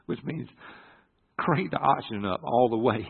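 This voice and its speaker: A middle-aged man telling a personal story from the pulpit, halting and earnest with many restarts. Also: mid-range voice, gravelly, breathy edge. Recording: echoey hall through a phone-like line.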